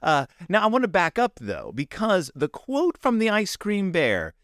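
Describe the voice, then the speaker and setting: Casting: man, comic book reviewer, rambling with wry asides, very lively pitch, dry close sound. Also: unhurried, few pauses, no room sound.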